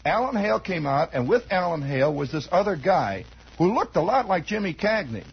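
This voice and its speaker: Brief: American male radio host in his forties, a high raspy voice, meandering yarn-spinning monologue, lo-fi vintage broadcast. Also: sing-song, a little fast. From United States. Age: 40s. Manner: meandering, wry, with many asides. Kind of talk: rambling improvised radio monologue. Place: radio studio. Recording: dull lo-fi 1960s radio recording.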